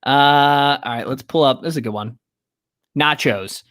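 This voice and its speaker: A man's voice: medium pitch, normal speed, a bit bright. A young man co-hosting a casual podcast, chatting and laughing easily while ranking party foods. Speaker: podcast co-host.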